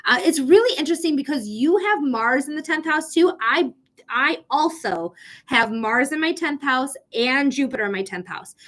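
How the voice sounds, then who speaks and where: A woman's voice: high-pitched, a bit bright. A woman hosting a live psychic reading stream, chatting casually with viewers and swearing now and then.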